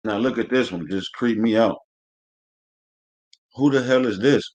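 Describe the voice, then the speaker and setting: A man's voice: mid-range voice, a little slow, heavy background noise. A man teaching a live-streamed scripture class, reading verses aloud and then commenting in a blunt, coarse way, often saying "man". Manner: preachy, blunt, says "man" constantly; coarse, swears freely.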